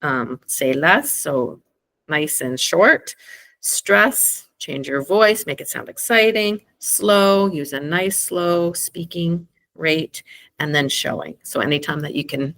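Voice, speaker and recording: A woman's voice: sits low, fairly bright tone. A woman explaining language-development strategies to parents in a casual teaching talk. She uses many fillers and hedges like "um" and "kind of," and she stretches out short child-directed example phrases. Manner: acts out slow, emphatic child-directed examples. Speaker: school speech-language educator. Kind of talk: informal teaching presentation for parents.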